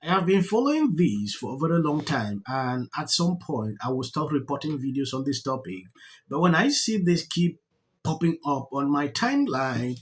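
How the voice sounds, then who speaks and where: A man hosting a commentary channel, talking earnestly and with emphasis about a news story. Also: poor audio. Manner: earnest, emphatic, pitch rising and falling.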